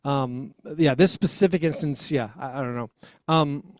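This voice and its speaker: A man co-hosting a sports podcast, talking casually and telling a rambling, animated story as a parent of a young child. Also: mid-range voice, normal speed, no room sound, studio quality. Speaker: podcast co-host.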